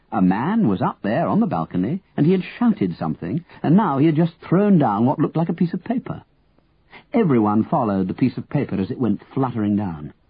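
A man reading a story aloud with expressive, lively storytelling. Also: medium pitch, slightly rough, dry recording, narrow, tinny audio. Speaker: narrator.

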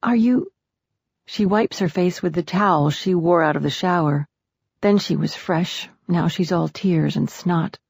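A woman narrating a story in a measured, intimate audiobook reading. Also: fairly low pitch, vocal fry, darkish tone, breathy edge, no room sound, studio quality. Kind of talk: scripted narration.

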